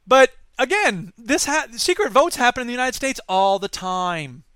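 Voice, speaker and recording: A man's voice: extremely high pitch, big pitch swings, moderate pace, bright, forceful tone, clean tone, no echo. A man hosting a casual talk show, reading news items aloud and commenting on them with self-deprecating asides. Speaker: podcast host.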